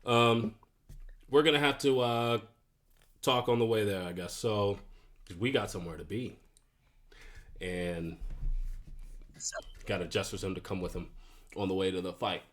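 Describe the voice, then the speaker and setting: A man's voice: fairly low pitch, unhurried, pauses often, fairly bright tone. A man playing a tabletop game who talks in character, stammering and restarting his sentences. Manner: stammering, rambling, restarts often. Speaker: player.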